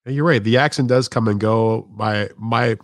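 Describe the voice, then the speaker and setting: A man's voice: fairly low pitch, moderate pace, dry recording, studio quality. A man hosting a podcast, asking hesitant, filler-laden questions in casual conversation. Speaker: podcast host. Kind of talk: casual interview.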